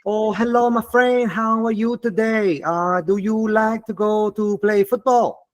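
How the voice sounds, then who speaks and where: A man's voice: high-pitched, steady tone, measured pace, no room sound, pitched above the performer's own voice. A man imitating an English learner who speaks with a heavy Vietnamese accent, in an exaggerated sing-song way. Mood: cheery.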